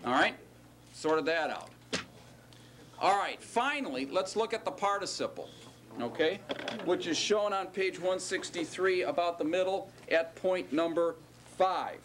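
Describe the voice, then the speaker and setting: A man teaching a classroom lecture, explaining step by step, often checking with "right?" and gently teasing his students. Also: high-pitched, unhurried, a little hiss or hum.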